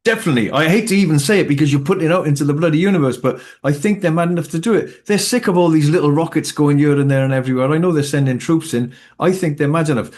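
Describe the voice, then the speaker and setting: A man hosting an interview, talking in a halting way with many restarts. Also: fairly high pitch, darkish tone. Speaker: podcast host. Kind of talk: conversational interview.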